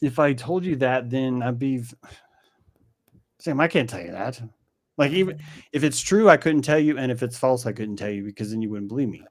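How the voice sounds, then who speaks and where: Man, mid-pitched voice, swearing and ranting, dry close sound. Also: lively intonation, moderate pace, dry recording. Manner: profane, ranting. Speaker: guest. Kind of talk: opinionated conversation.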